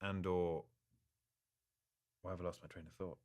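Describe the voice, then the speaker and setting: Male actor, very low voice, easygoing live fan Q&A, reads questions out, restarts his thoughts. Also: moderate pace. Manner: reads questions aloud, relaxed and good-humored. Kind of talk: live social-media Q&A.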